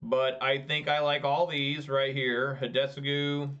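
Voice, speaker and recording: A man casually commentating his own card game matches, muttering through quiet turns and getting loud and excited at big plays. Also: medium pitch, a little slow, dull audio. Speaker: gameplay commentator.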